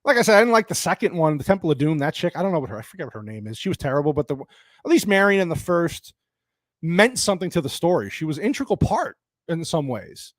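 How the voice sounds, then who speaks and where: A man's voice: fairly high pitch, sing-song, fast talker, no echo, clean studio sound. A man hosting a live stream, ranting angrily about a movie with lots of swearing, restarts and replies to chat. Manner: angry, profane, rambling with restarts; reads and answers chat viewers.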